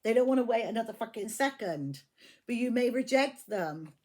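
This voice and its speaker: A woman's voice: on the high side, lively intonation, normal speed, noisy background. A woman giving a casual tarot reading, blunt and profane, often repeating her phrases. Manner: blunt, swears freely, repeats herself. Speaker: tarot reader.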